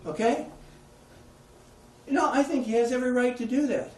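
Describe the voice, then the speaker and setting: A man's voice: extremely high pitch, moderate pace, a little mellow, recorded from a distance. A man giving a conversational public talk, putting questions to his audience. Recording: echoey room, heard from afar.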